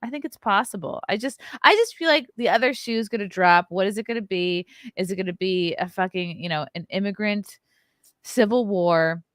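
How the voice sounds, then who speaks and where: A woman's voice: mid-range voice, a little fast, no echo. Chatty woman guest, dry close sound. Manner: chatty, laughs easily, speculative. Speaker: podcast guest. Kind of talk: casual comedic chat.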